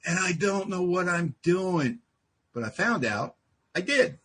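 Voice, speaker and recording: Man, very raspy voice, speaker at a group meeting, self-mocking storytelling, wry humor. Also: sits high, expressive, a little slow, fairly bright tone. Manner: self-deprecating, wry, acts out quoted exchanges. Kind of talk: humorous personal storytelling speech.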